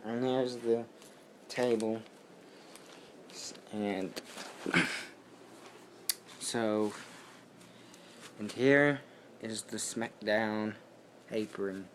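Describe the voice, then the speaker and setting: Rambling young man, slow low voice. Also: steady tone, background noise. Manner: rambling, loose and unscripted, with many fillers. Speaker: toy reviewer. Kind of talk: casual video toy review.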